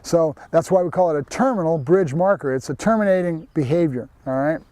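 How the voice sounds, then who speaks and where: A man's voice: on the high side, a little fast, warm tone. A man, a professional dog trainer, explaining his training methods plainly and directly to viewers. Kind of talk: instructional training video.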